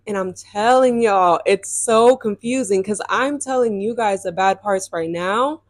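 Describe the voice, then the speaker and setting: On her podcast, a young woman shares a personal story, casual and emphatic, full of "like" and "um". Her mid-range voice moves a little slowly with hardly any pauses, and the recording is dry.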